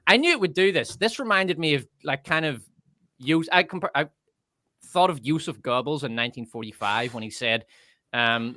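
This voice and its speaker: A man's voice: medium pitch, expressive, brisk, pushed and bright, dry recording, clean studio sound. A man co-hosting a livestream chat, mocking and sarcastic as he gets worked up. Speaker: co-host on a livestream.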